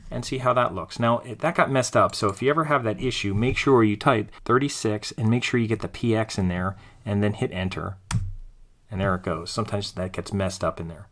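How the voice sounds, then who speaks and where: Man, lowish voice, design teacher, screen-recorded tutorial, relaxed step-by-step explaining. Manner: relaxed, thinking aloud while clicking through steps.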